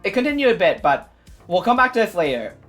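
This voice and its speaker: A woman streamer recapping an event in a casual, rambling way, full of fillers and excited asides. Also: medium pitch, fast talker. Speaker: VTuber streamer. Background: faint background music.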